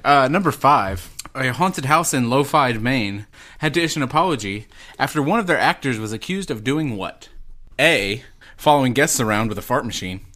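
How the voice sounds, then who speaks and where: A man's voice: medium pitch, animated, moderate pace, pushed and bright. A man hosting a casual trivia game on a podcast, reading out questions and answer options with a joking manner. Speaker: quiz host.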